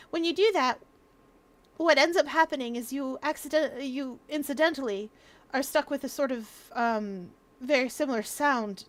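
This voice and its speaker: A woman's voice: on the high side, fairly bright tone. A young woman streaming from home, chatting casually and explaining things at length, laughing often. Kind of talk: casual livestream chat.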